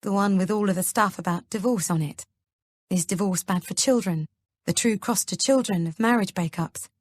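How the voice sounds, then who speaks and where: A woman reading an audiobook, voicing a gentle, worried husband who talks softly and hesitantly. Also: mid-range voice, moderate pace, dry recording, studio quality, natural voice. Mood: earnest. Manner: soft, hesitant pleading.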